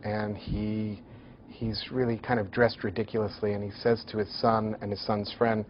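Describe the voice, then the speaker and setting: A man giving a university lecture in a hall, telling stories in a lively, joking way. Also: on the low side, moderate pace, lo-fi sound.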